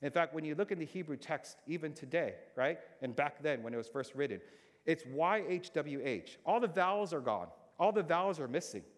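A man preaching a sermon in a conversational way, moving between emphatic bursts and quiet, hushed stretches. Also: fairly high pitch, expressive, a little fast. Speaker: pastor. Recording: long reverb in a big hall.

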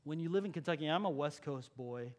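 With a fairly high voice and a quick pace, a California pastor talks through his sermon, quizzing listeners and going quiet to stress key ideas.

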